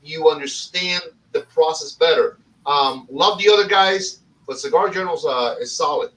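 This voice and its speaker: Brief: enthusiastic male host, fairly high voice, sits a little far from the mic. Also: normal speed, fairly bright tone. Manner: effusive, enthusiastic. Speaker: podcast host and cigar shop owner. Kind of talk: casual podcast chat.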